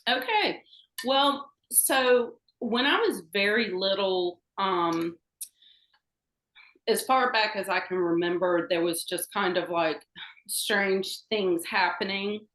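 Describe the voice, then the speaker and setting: A woman's voice: mid-range voice, slow, fairly bright tone. Woman guest, thick Southern Georgia accent, meandering storyteller, roomy echo on the track. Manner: rambling, hesitant, lots of fillers. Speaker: podcast guest. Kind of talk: casual storytelling.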